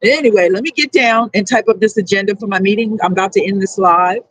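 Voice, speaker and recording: A woman's voice: medium pitch, fast talker, fairly bright tone, no echo, poor audio. A woman with a New Orleans accent, talking bluntly and profanely in a rambling livestream monologue. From New Orleans, USA.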